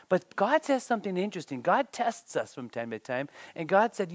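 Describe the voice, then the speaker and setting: A pastor preaching a sermon in an animated way, often repeating words and briefly acting out the people quoted. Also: mid-range voice, fairly quick, few pauses, no echo.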